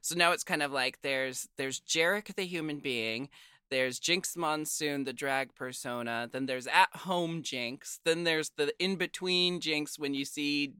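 Bright, crisp host in candid chat. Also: male voice, fairly high pitch, unhurried, no room sound, studio quality. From Pacific Northwest. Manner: candid, swears freely, laughs often. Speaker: podcast host. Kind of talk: casual interview chat.

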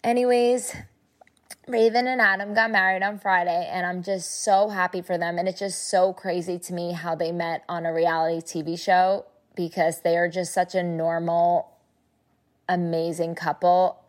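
A woman's voice: lowish voice, level tone, normal speed. Gushing woman podcast host. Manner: gushing, effusive, casual swearing. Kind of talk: casual podcast chat.

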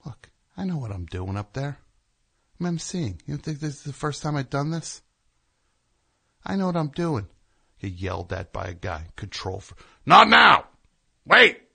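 A man's voice: medium pitch, big pitch swings, normal speed, gravelly, pauses often, a little mellow, slightly rough. A man hosting a show, telling a rambling, sarcastic, indignant story as a comedic rant. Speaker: host.

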